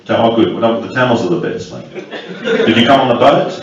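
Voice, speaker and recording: A man performing stand-up in a packed club, barking out crude jokes and needling the audience. His lively, swooping delivery is picked up from a distance, with the room's heavy echo and loud laughter all around him. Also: lowish voice, quick pace, lo-fi sound, heavy background noise. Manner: crude, abrasive crowd-work with shouted impressions. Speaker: stand-up comedian. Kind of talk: stand-up comedy set. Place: club function room with a live audience. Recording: distant mic in a crowded echoey club.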